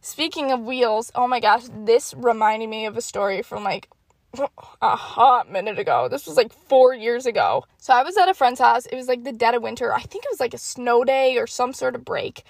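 A young woman hosting her own podcast, telling funny stories in a casual, animated, self-mocking way and swearing freely. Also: a little high, normal speed, vocal fry, no room sound. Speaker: podcast host. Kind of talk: casual storytelling monologue.

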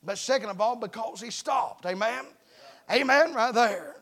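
A man's voice: very high voice, normal speed, fairly bright tone. A man preaching a fervent revival sermon to his congregation, plain-spoken and calling for amens. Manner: fervent, repeatedly calls for amens; plain-spoken, calls himself uneducated.

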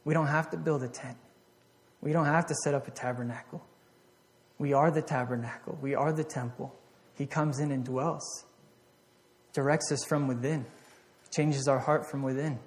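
A mid-range male voice preaches earnestly with a steady tone at normal speed, leaving long pauses in a big-sounding room. He swings from loud exhortation to hushed reflection, often repeating and restarting his phrases.

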